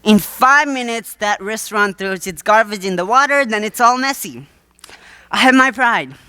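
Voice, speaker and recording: A wheedling waterfront showman, played by a teenage student, pitches his act with theatrical sales patter. The voice swoops up and down with bright, ringing energy. It is a live school stage play, and the sound is dry and close. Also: expressive, normal speed, clean tone, dry recording. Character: wheedling male waterfront huckster staging fake drownings.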